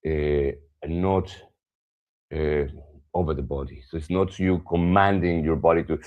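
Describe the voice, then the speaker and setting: Low-voiced man guiding a stretching class. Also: muffled recording. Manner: calm instructive cues, drops to soft emphasis. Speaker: yoga and somatic practice teacher.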